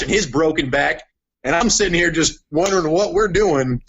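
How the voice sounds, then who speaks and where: A man's voice: fairly high pitch, moderate pace, breathy edge. A young adult man chatting casually on a podcast, telling stories with lots of "like". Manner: animated storyteller, heavy use of "like". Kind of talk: casual chat. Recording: dull lo-fi sound.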